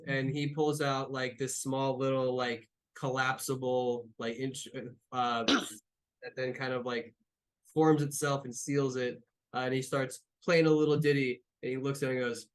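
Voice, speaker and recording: A man's voice: medium pitch, fairly even intonation, measured pace. A man narrating as game master of a tabletop game, in a loose, rambling style full of restarts. His voice sits in a middle register.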